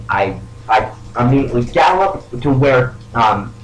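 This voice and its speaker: A man's voice: medium pitch, expressive, normal speed. A man in casual chat at a tabletop game who talks hesitantly and keeps restarting his sentences. The room around him sounds echoey. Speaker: player.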